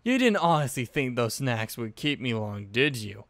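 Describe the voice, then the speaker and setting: A man voicing a cheery, teasing teenage girl in a fanfiction reading, raising his pitch. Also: big pitch swings, moderate pace, a bit bright, no echo.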